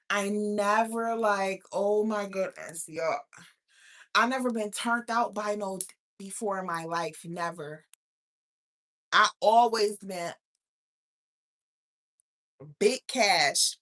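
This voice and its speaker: A woman's voice: medium pitch, takes it slowly, pauses often, a bit bright. A woman hosting a live stream in casual chat, talking bluntly and profanely to her viewers. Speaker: livestream host.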